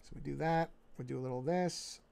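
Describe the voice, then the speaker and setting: A man with a New York accent, livestreaming as he draws, thinking aloud in a relaxed way, muttering to himself and correcting his own moves. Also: fairly high pitch, a little fast, creaky, a little hiss or hum. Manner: talks to himself, muttering and repeating phrases. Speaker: livestreaming artist. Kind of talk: casual think-aloud commentary while drawing.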